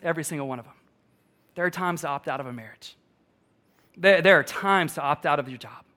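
High, bright-voiced male preacher. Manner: emphatic, repeats key lines, asks the crowd questions. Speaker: pastor. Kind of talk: sermon.

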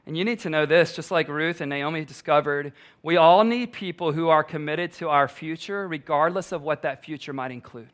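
A man's voice: fairly high pitch, moderate pace, few pauses, a bit bright. A male pastor preaching a sermon, emphatic, repeating key lines and putting questions to the congregation.

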